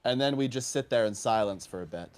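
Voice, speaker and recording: A man's voice: medium pitch, fast talker, clear, resonant tone. A man, a teacher, telling a story in casual chat, acting out both sides of the conversation. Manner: animated, acts out both sides of a dialogue. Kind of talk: casual storytelling on a live stream.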